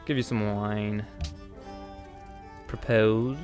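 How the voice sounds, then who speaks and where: A man's voice: on the low side, level tone, drawn-out words, a little mellow. Man mumbling through casual game commentary. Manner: rambling and hesitant, with many ums and self-corrections. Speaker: let's play host. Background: faint game music.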